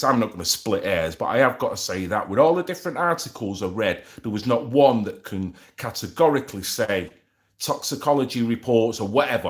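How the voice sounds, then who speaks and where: Rambling man, echoey room. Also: on the low side. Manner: chatty and rambling, with slang asides. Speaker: live stream host. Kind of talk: casual live stream commentary.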